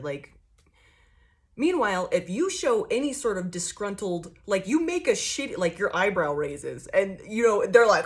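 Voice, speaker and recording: A woman's voice: medium pitch, sing-song, unhurried. A young woman giving a casual tarot reading, blunt and profane, ranting with lots of fillers, jittery from coffee. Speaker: tarot reader.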